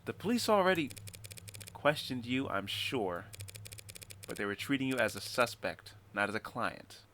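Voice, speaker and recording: A man reading a calm, measured defense lawyer. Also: medium pitch, slight background noise. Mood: reassuring. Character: calm, methodical defense attorney.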